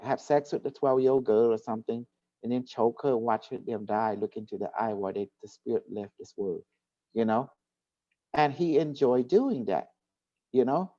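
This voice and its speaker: A man with a mellow, dark voice hosts a casual chat and recounts a long story with emphasis, circling back over his points. The recording is dull and lo-fi, and his voice sounds dry and close. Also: medium pitch, no room sound. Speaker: host.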